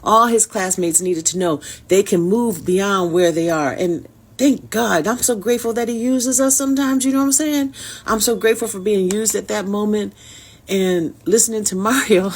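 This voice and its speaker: A woman from Detroit, USA, speaks in a mid-range voice at a moderate pace. She's an actress telling her viewers a heartfelt personal story directly, in a casual, inspirational way.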